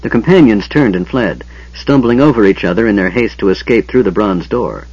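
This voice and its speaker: A man narrating a fantasy story in a measured storytelling manner. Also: fairly low pitch, expressive, darkish tone, husky, no echo. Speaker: audiobook narrator. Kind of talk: scripted narration. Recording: dull lo-fi audiobook recording.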